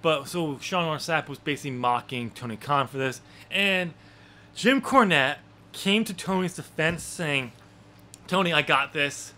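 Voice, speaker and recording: Male podcast co-host, a touch higher than typical, bright, forceful tone; casual rambling delivery full of ums and restarts. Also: measured pace. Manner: rambling, lots of fillers and restarts. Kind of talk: casual wrestling chat.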